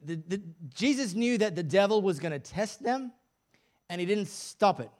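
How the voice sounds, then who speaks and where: A man's voice: high voice, animated, moderate pace, a little mellow. A male pastor preaching a sermon at a church service in a casual, joking, conversational way.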